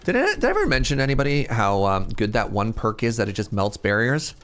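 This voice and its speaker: Lively man in his thirties streaming. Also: medium pitch, fast. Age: 30s. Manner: animated, laughs often, chats with viewers. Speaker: game streamer. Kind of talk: casual live-stream commentary.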